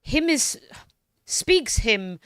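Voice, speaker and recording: A woman's voice: on the high side, big pitch swings, drawn-out words, a bit bright, smooth, no echo, studio quality. A woman streamer chatting casually, cursing freely and sounding out words as she practises them. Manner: casual, swears freely, repeats phrases while learning. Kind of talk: casual chat.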